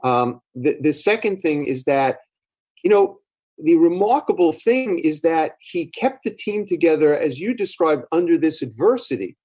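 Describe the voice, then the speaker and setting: A man's voice: a little high, big pitch swings, normal speed, mellow. Older Brooklyn man telling stories. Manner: rambling, many fillers and restarts. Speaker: guest, psychotherapist. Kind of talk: conversational storytelling.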